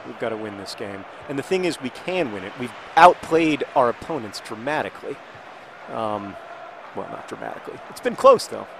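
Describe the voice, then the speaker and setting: A man casually commenting while playing a video game, rambling and restarting sentences, with sudden excited outbursts. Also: mid-range voice, normal speed, vocal fry, a faint crowd, slight background noise. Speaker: video host.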